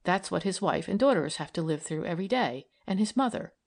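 A woman voicing a calm, kindly young woman detective who speaks gently and earnestly. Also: lowish voice, a little fast, creaky.

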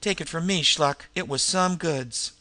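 A man's voice: fairly high pitch, measured pace, sharp tone, dry recording. A man voicing a complacent street crook who talks in airy, eager slang in a storybook reading. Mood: breezy.

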